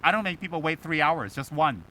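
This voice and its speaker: A man with a high, bright, ringing voice gives a Buddhist dharma talk. He swings between animated mimicry of his students and quiet, low asides. A faint vehicle rumble sits behind him. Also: a little fast, rough recording. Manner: drops to a low, soft voice for key points. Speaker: Buddhist teacher.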